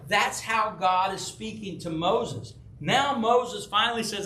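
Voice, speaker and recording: Speaking slowly in a high pitch, a pastor leads a Bible study in a church hall with a roomy sound. He tells personal stories in a relaxed, conversational way, animatedly performing the voices he quotes and often asking "right?".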